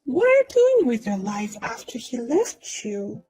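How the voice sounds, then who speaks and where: A woman's voice: on the high side, wildly swooping pitch, unhurried, mellow, breathy edge, pitched below the performer's own voice, full character voice, rough recording. A woman voicing a smug, boastful young woman who taunts and mocks in a sing-song way. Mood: smug taunting. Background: faint music.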